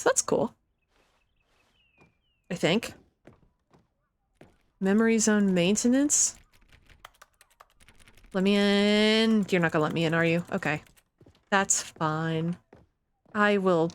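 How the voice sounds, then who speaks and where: Slow-talking woman streamer, dry mic. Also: medium pitch, dry recording. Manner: chatty, giggly, thinks out loud. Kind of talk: casual let's-play commentary.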